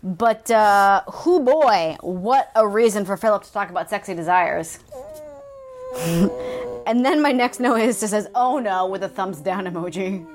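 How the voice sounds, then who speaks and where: A woman's voice: medium pitch, expressive, a little hiss or hum. A woman co-hosting a casual book discussion, reading wry comments from her notes. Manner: wry, reads from her notes, quick asides. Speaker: podcast co-host.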